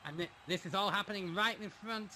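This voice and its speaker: High-voiced excited wrestling play-by-play man. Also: fast, a little hiss or hum. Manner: dramatic, laughs often. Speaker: play-by-play commentator.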